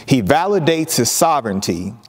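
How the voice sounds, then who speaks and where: A man preaching a sermon, emphatic, with dramatic pauses and lively retellings of scripture. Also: mid-range voice, big-room sound. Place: church sanctuary.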